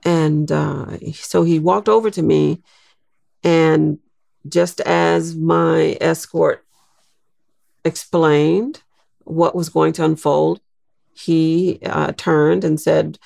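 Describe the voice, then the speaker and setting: A woman in her sixties, a guest in an interview, telling a personal story in a reflective, unhurried way. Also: low voice, steady tone, vocal fry, dry recording, clean studio sound. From Louisiana, United States. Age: 60s. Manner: reflective, unhurried, with soft laughs and restarts.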